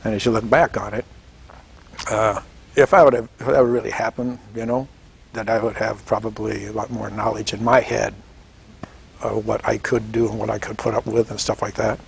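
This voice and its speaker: Gravelly older man telling a war story. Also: lowish voice, normal speed, slight background noise. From Washington State, United States. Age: 70s. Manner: animated storytelling, acts out quoted voices, chuckles often. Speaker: veteran interviewee. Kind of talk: oral history interview.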